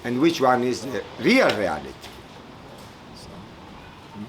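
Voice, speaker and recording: A man giving a spiritual talk at a retreat, telling a folk story slowly and haltingly, searching for words and chuckling as he goes. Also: medium pitch, wildly swooping pitch, background noise. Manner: halting, searching for words, many fillers and repeats. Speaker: spiritual teacher speaking at a retreat.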